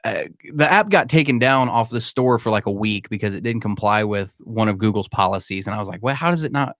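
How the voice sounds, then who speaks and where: A man's voice: lowish voice, brisk, fairly bright tone, no echo, studio quality. A man hosting a live-stream Q&A from his home, talking candidly and emphatically and calling listeners "man". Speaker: podcast host. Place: home room.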